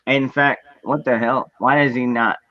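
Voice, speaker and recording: A man hosts a casual livestream, talking bluntly with plenty of swearing and calling out to viewers who drop in. His pitch sits in the middle range. The mic sounds dull, lo-fi and dry. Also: fairly even intonation, measured pace, no echo. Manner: blunt, profane, welcoming viewers. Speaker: livestream host.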